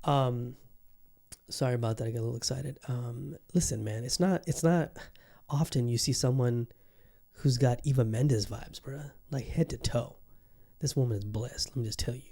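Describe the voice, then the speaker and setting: A man's voice: medium pitch, normal speed, vocal fry, warm tone. A man hosting a podcast alone, talking loosely with lots of fillers, swearing and restarts. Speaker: podcast host. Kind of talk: casual solo podcast monologue.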